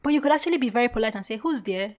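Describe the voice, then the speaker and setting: A woman's voice: a little high, rapid-fire. A woman hosting her own podcast, talking through her thoughts in a casual, reflective solo monologue full of fillers. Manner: animated storyteller who acts out quoted voices; chatty and reflective with frequent filler words. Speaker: podcast host.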